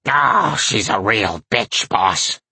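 A man voicing a crude, cheeky little male imp servant with a croaky voice, as in an audiobook. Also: lowish voice, lively intonation, takes it slowly, sharp tone, no echo, heavily acted. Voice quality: croaky, gravelly. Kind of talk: audiobook character voice.

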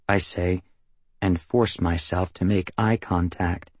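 A man reading a first-person novel as an audiobook narrator, measured and matter-of-fact, close to the mic. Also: low voice, steady tone, dry recording.

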